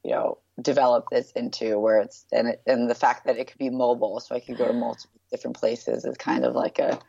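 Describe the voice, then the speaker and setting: This guest, a New York brand founder in her thirties, talks fast about her work in a casual interview, upbeat and chatty with lots of "like" and "um" fillers. Her strikingly deep, low voice is creaky and mellow with a breathy edge, and her delivery is flat. The sound is lo-fi, dull, dry and close, with no echo.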